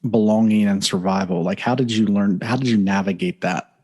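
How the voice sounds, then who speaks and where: A man's voice: on the low side, fairly even intonation, breathy edge. Man hosting a podcast. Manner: loud, upbeat greeting after a quieter, halting intro. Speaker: podcast host. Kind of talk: podcast interview.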